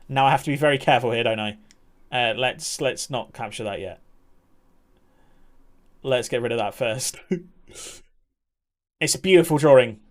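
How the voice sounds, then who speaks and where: A young man chatting casually on a live stream, reacting to viewers and laughing often. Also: mid-range voice. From England.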